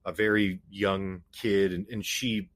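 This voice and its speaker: A man's voice: deep voice, steady tone, slow, fairly bright tone, no echo. A man hosting a podcast, talking casually in a hesitant, rambling way with many restarts. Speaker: podcast host. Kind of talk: casual conversation.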